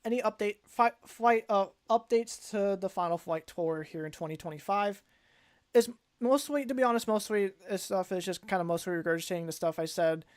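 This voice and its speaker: A man's voice: high voice, fairly quick, smooth. A young man hosting a casual livestream announcement as a league organizer, rambling and often correcting himself mid-sentence. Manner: rambling, frequent self-corrections and restarts.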